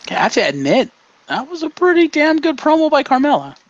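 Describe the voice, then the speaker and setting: A man's voice: very high-pitched, wildly swooping pitch, fast talker, no echo, highs cut off. A man co-hosting a casual podcast, talking and joking about wrestling. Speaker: podcast co-host.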